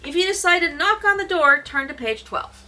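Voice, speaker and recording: A woman co-hosting a podcast, reading a gamebook aloud in an animated way. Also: very high voice, brisk, distant mic, soft background music. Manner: animated storytelling. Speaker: podcast co-host.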